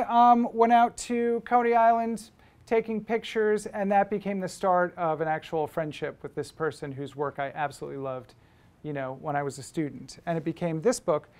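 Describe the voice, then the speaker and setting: A man's voice: high voice, steady tone, moderate pace, clear, resonant tone. Man telling stories at a lecture. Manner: conversational storytelling with frequent fillers and restarts. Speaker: photographer and book publisher giving a talk. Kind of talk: anecdotal lecture to students. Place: school lecture room.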